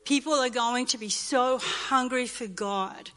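Woman pastor, fifties, from Australia, high voice, impassioned repetitive preaching, long hall echo. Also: unhurried, fairly bright tone. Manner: impassioned, repetitive preaching with rising emotional bursts. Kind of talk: sermon. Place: church hall.

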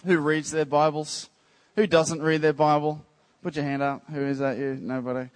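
A man's voice: on the high side, little pitch movement. Chatty, teasing man preaching a sermon. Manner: chatty, teasing, addresses the crowd with quick questions. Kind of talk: casual, joking sermon to a congregation. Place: church service.

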